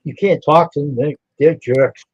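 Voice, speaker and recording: Man, stream co-host, somewhat high voice, rambling and chuckling, dull dry lo-fi sound. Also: normal speed, husky, dry recording. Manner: rambling anecdotes, chuckles while telling. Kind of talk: casual storytelling chat.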